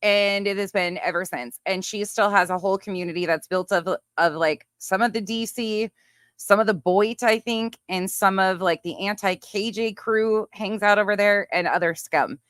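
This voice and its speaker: A woman's voice: medium pitch, moderate pace, a bit bright, clear, resonant tone, no room sound. Woman host, plainspoken and profane, medium voice, dead-dry recording. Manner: blunt, profane gossip. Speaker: livestream host. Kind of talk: casual livestream commentary.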